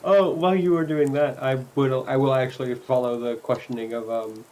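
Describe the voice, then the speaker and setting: A man's voice: mid-range voice, fairly even intonation, a little fast, hardly any pauses, darkish tone, poor audio. A man playing in a tabletop game, chatting casually and joking, often restarting his sentences. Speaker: player.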